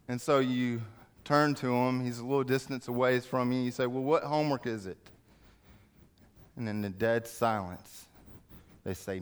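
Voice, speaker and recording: A man preaching to a church, telling an everyday story with animated bits where he acts out yelling crowds. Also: mid-range voice, normal speed, clear, resonant tone. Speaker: speaker in a church service. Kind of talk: sermon with storytelling.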